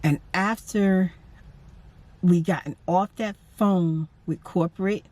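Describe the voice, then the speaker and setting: A woman's voice: on the low side, slow pace, dark tone, poor audio. A woman vlogger venting from her parked car, upset and emphatic. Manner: upset, emphatic, repeats herself. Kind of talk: casual vlog rant.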